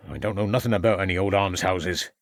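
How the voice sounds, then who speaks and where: A man's voice: sits low, fast, no echo, clean studio sound. A man voicing a surly, aggressive farmer suspect who talks in defiant, ungrammatical rustic speech.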